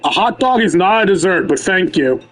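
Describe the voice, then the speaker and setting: Deadpan, sarcastic game streamer. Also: mid-range voice, fairly quick, soft background music. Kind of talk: casual live-stream commentary over a game.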